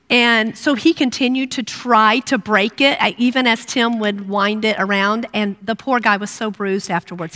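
A middle-aged woman preaches with earnest, personal warmth, her voice sitting a little high for a woman. The sound carries a long reverb, as if in a large hall. She slips into a hushed tone when she voices prayers. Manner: earnest, drops to a hush for prayers. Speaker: women's ministry speaker. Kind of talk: sermon.

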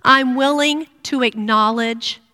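A middle-aged woman giving a sermon to women, earnest and personal, dropping to a hush when she voices prayers. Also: high voice, takes it slowly. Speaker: women's ministry speaker. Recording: long reverb of a hall.

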